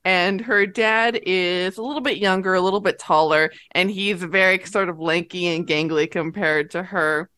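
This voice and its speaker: A woman player in a tabletop role-playing game, describing characters in a thoughtful, unhurried way. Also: lowish voice, steady tone, sharp tone, dry recording.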